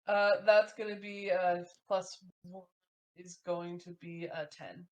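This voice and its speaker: A woman's voice: lowish voice, steady tone, takes it slowly, lo-fi sound. A woman playing a tabletop role-playing game, describing her character's actions in an easygoing way. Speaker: player. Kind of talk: casual tabletop game play.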